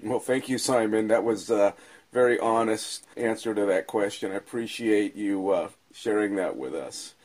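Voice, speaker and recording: A man's voice: fairly low pitch, a little mellow. Polite male podcast host wrapping up. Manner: polite, measured, brief acknowledgements. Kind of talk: podcast hosting.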